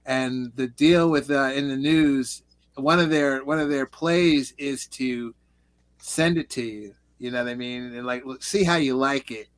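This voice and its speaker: A man from California talks casually as a show guest. He rambles easily, peppering his stories with "you know" and "like." His voice sits in an ordinary middle pitch. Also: measured pace. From Reseda, California. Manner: easygoing storyteller, frequent "you know" and "like". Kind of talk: casual chat.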